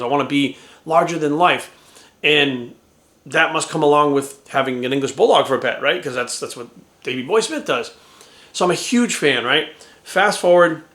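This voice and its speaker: A middle-aged man telling a long rambling story in casual chat, acting out quoted lines and swearing freely. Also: mid-range voice. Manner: rambling, animated, acts out quoted voices, swears. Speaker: vlogger. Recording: roomy echo.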